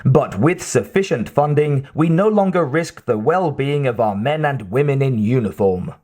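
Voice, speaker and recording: A man's voice: medium pitch, lively intonation, normal speed, darkish tone, close to an everyday voice. A man reading as a persuasive male narrator of a promotional military video. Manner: persuasive, salesy.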